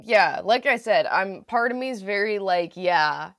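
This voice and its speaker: A woman's voice: medium pitch, moderate pace, fairly bright tone, no echo, studio quality. A young woman co-hosting a podcast, talking casually with lots of "like" and frequent laughter. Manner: rambling, lots of "like", laughs often. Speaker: podcast co-host. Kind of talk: casual chat.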